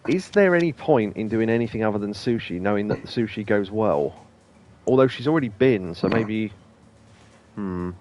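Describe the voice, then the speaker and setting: Rambling man, fairly low voice. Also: lively intonation, normal speed, a little mellow, lo-fi sound. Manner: rambling, chatty, many ums and asides. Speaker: let's play host. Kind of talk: casual gameplay commentary.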